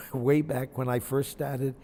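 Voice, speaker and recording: A man's voice: mid-range voice, fairly even intonation, slow, mellow, big-room sound, a little hiss or hum. An older man from Maine, a retired basketball coach, telling folksy, reflective stories from his career in an interview. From Maine, USA. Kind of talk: interview storytelling.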